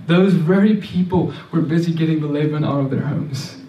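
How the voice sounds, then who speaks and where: A man delivers a sermon in an earnest, repeating manner, often stumbling and restarting. His voice is mellow and sits a little high. He sounds set back from the microphone in an echoey room. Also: normal speed, recorded from a distance. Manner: earnest, repetitive, with many restarts and stammered words. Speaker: preacher.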